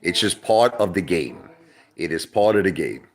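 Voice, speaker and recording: A middle-aged New man with a very deep voice talks off the cuff on a livestream. His pitch leaps around as he rambles, curses freely and circles back over his own words. He comes across as loose and chatty. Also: expressive, normal speed. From Brooklyn, New York. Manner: rambling, profane, repeats himself. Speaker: livestream host. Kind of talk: casual livestream chat.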